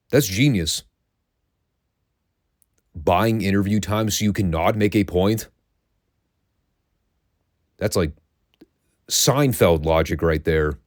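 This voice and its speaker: A deep, low-voiced man hosts a casual podcast, recounting old events with sardonic, profane amusement. His voice sits close to the mic in a dry, dead room with no echo. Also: a little mellow. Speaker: podcast host.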